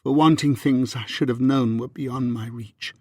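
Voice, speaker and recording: A man voicing a hurt, proud young Regency wife in an audiobook, with a husky, measured and restrained delivery. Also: medium pitch, fairly even intonation, dark tone, dry recording, studio quality, lightly acted. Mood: wounded. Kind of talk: audiobook reading.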